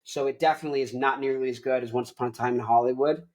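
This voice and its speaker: A young man hosting his own show, ranting casually about movies in an animated, rambling way, full of "like". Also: mid-range voice, rapid-fire. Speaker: host.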